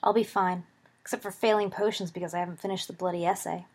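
A woman voicing a quiet, moody teenage schoolboy who mumbles in a glum, dry way, reading a story aloud. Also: on the low side, fairly even intonation, fast.

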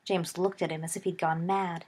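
A woman narrating a story aloud in an expressive storytelling read. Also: lowish voice, normal speed. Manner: expressive, shifts voice for dialogue. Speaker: audiobook narrator.

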